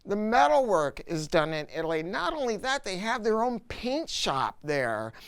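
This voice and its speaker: A middle-aged man presenting an audio product review, telling stories in an emphatic, animated way. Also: sits high, moderate pace, smooth. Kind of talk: casual product review talk.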